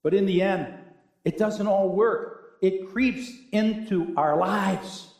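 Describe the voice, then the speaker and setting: A middle-aged man preaching a sermon as pastor, earnest and unhurried, with dramatic pauses and rising swells. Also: high-pitched, a little mellow. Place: church sanctuary. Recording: echoey church sanctuary.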